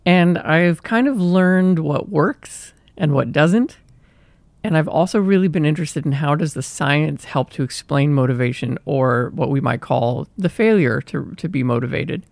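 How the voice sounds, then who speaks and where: Young man, podcast host, gravelly voice, dry close sound, chatty self-deprecating talk. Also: on the high side, a little slow, dry recording. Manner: chatty and self-deprecating, acts out his inner voice. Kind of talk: casual solo podcast monologue.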